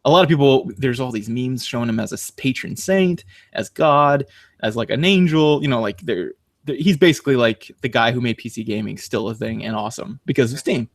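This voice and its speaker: Male podcast host, loose and rambling, animated storyteller, mid-pitched, dry close mic. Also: fairly quick, dry recording. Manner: rambling, lots of fillers and restarts; animated storyteller, laughs while talking. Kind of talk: casual chat.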